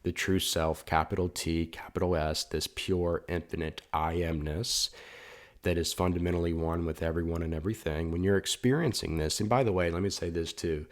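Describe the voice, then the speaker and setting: A man's voice: deep voice, fairly even intonation, normal speed. A man giving an earnest, heartfelt spiritual talk as a coach, often repeating his words.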